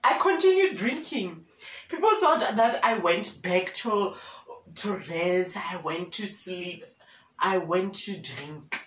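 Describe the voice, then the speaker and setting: A man's voice: high voice, expressive, slow pace, fairly bright tone, slight background noise. A young man in his twenties with a South African accent, telling a story to camera in a dramatic, theatrical way and often addressing viewers directly. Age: 20s. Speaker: medical student vlogger. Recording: roomy echo, faint ambience.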